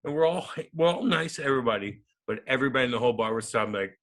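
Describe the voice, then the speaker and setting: Thirties male guest: animated, profane yarn-spinner, medium pitch. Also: rapid-fire, hardly any pauses. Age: 30s. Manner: animated, profane, acts out quotes. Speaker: podcast guest, former hockey player. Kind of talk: casual storytelling interview.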